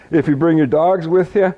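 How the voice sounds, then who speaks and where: A man's voice: on the high side, narrow, tinny audio. Chatty man showing off a boat. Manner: chatty, folksy, jokes and laughs easily. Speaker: boat salesman. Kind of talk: product walkthrough. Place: boat dealership.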